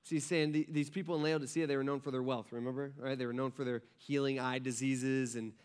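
A male pastor preaching a sermon in a casual, conversational way, often checking in with the congregation and dropping low and soft for emphasis. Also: flat delivery, fast talker, clean tone. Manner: conversational, frequent "right?" asides; acts out quoted voices, drops soft and low for emphasis.

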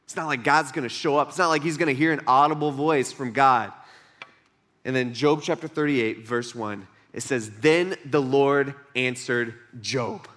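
A man's voice: mid-range voice, fairly even intonation, moderate pace, a bit bright. A young man preaching a sermon in a conversational way, acting out quoted voices.

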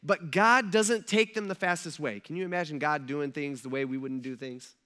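A pastor's sermon delivered by a man with a bright, forceful voice pitched a touch high. He talks to the congregation like a friend, throwing out rhetorical questions and quick asides.

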